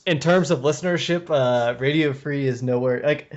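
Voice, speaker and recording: Guy hosting a podcast, loose profane chat, muffled lo-fi sound. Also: mid-range voice. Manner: loose, profane, quick to laugh. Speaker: podcast host. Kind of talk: casual podcast banter.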